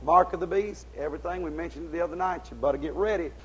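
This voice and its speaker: A preacher man with a high, husky voice delivers a fiery sermon. His speech is folksy and ungrammatical, and he swings from shouted exhortation down to low, intense tones. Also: fast talker, rough recording.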